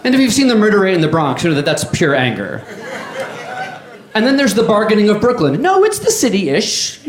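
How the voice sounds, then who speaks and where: A man, doing a deadpan stand-up comedy set on a club stage into a handheld mic. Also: high voice, fairly quick. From New York. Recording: echoey club with crowd. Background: audience laughter.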